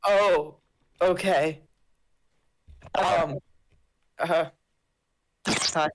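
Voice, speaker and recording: A stream guest with an unhurried, deadpan delivery who teases the host with dry mock-serious remarks. The words come out slowly and evenly. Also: medium pitch, no room sound. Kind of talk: casual chat.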